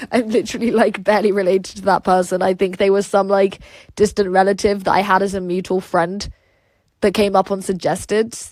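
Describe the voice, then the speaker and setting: A woman's voice: mid-range voice, flat delivery, moderate pace, darkish tone, no room sound. A woman in her twenties with a British accent, a native Russian speaker, chatting casually on a livestream and reading out viewer comments, blunt and profane, laughing often.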